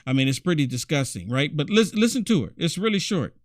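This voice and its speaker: A man's voice: on the high side, big pitch swings, fast talker. A man hosting a commentary show, talking in a mocking, repetitive way. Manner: mocking, repetitive, many "I mean"s. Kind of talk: political commentary monologue.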